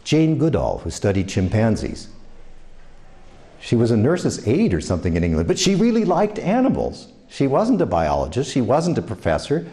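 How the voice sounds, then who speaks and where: A man's voice: medium pitch, huge pitch swings, normal speed, warm tone. An older man with a New York accent giving a motivational talk, telling anecdotes and acting out the voices of the people in them. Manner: anecdotal, acts out quoted voices. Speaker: speaker giving career advice.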